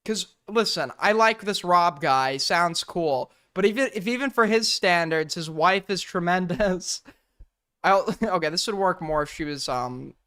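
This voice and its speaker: A man's voice: high-pitched, expressive, measured pace, pushed and bright, clear, resonant tone. A man streaming, reacting to a video clip with sarcastic, rambling commentary and bursts of laughter.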